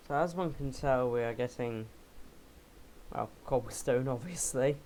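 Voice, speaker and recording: In this casual gameplay commentary, a young man rambles and jokes as he plays, often poking fun at himself. His medium-pitched voice is unhurried and a little mellow, and the audio is poor with slight background noise.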